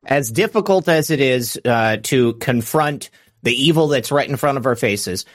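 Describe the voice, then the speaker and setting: A man's voice: mid-range voice, animated, normal speed. A man hosting a casual political talk show, rambling with many fillers and restarts. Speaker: host.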